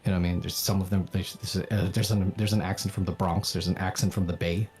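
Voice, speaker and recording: A man from the Philippines talks on his livestream in a lowish voice. He is animated, swears freely and laughs between points. Faint music plays behind him. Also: fast. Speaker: streamer and voice actor. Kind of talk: casual chat on a livestream.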